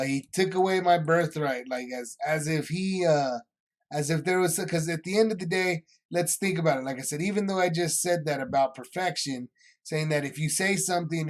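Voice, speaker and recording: Male Bible study teacher, fairly high voice, casual and rambling, acts out scenes.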